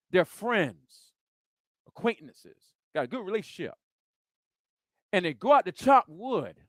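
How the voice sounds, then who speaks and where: A pastor, preaching a sermon in an animated way and acting out the scenes he describes. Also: sits high, no room sound, studio quality. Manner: animated, acts out scenes and sounds.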